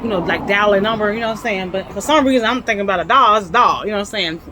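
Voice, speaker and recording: A woman's voice: a little high, sharp tone, rough recording. A woman with a Southern US accent talks through history like a casual lesson, chatty and folksy, full of asides. A faint hum of vehicles sits behind her voice. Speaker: host teaching history. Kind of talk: casual explainer talk.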